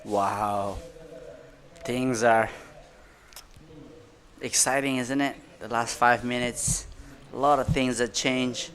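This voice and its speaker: A man's voice: medium pitch, steady tone, slow pace, pauses often, a bit bright. A male surf commentator calls the heat live with easy enthusiasm, letting out little exclamations as riders carve. His phrasing is loose and conversational, drifting into chatty asides between waves.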